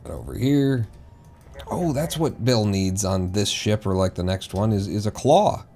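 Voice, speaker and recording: A male streamer gives loose, rambling live commentary on his gameplay, talking to himself and erupting into loud swearing when things go wrong. He has a fairly low, expressive, unhurried voice and puts on an East Coast American accent.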